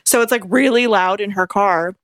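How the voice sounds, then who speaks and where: Telling a story on a podcast she co-hosts, a young woman chats casually, laughs a lot, and performs quoted lines in a high voice with lively energy. Her pace is moderate and there is no echo.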